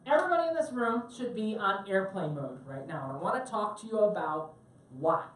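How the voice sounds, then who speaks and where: A woman's voice: mid-range voice, lively intonation, brisk, slight background noise. Chatty woman teaching tech in an echoey room. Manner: chatty and joking, asks the room questions. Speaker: tech class instructor. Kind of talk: lecture to a live audience. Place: lecture room on a cruise ship. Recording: very echoey room, mic at a distance.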